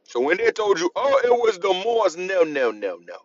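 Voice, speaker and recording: Sitting high in pitch with big swings, a man lectures on history to camera at a moderate pace. As a history channel host, he is emphatic, repeats his points, and poses rhetorical questions to the listener. The sound is dull and lo-fi.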